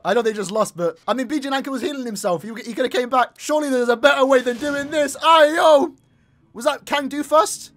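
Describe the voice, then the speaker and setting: A young man hosting an anime reaction, casual and slangy, breaking into excited exclamations and shouts. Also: extremely high pitch. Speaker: anime reaction channel host.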